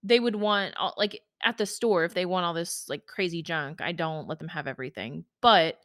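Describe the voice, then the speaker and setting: A woman with a lowish, slightly bright voice hosts a podcast, speaking at a normal pace in a dry, studio-quality recording. She chats casually and emotionally about her own life, peppering her personal monologue with "like" and "y'all."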